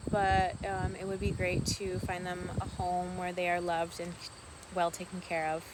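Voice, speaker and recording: A woman vlogging casually outdoors on a farm, talking softly and rambling fondly about her pet ducks. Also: fairly low pitch, monotone, normal speed, very noisy. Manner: soft-spoken, meandering, affectionate toward her pets. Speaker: vlogger and duck keeper. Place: outdoors on a rural farm by water.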